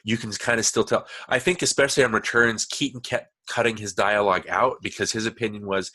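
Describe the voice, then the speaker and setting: A low, husky male voice with a forceful, tense edge, hosting a podcast. He chats casually and digressively, often restarting his sentences as he goes. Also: steady tone, a little fast, few pauses. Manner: chatty, digressive, many restarts. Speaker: podcast host.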